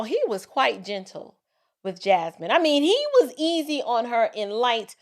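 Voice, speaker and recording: A woman hosting an opinionated commentary vlog, speaking with sarcastic, mocking emphasis. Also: high voice. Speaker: commentary host.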